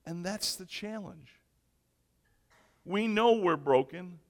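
A man preaching a sermon, slow and emphatic, moving between loud declarations and near-whispers. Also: sits high. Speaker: pastor. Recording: echoey hall.

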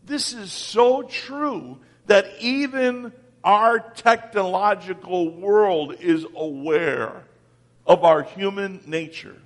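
A man preaching a sermon as pastor, swinging from loud calls down to near-whispers. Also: high voice, slow, in a large hall.

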